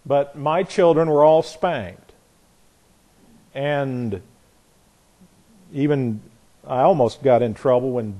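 A man's voice: medium pitch, dark tone. A middle-aged man teaching an informal Bible class, earnest and conversational, often restarting his sentences.

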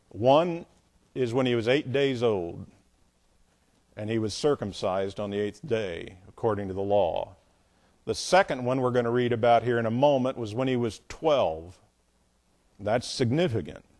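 A man teaching a Bible lesson at a board, relaxed and conversational, with joking asides. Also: mid-range voice. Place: room with a board.

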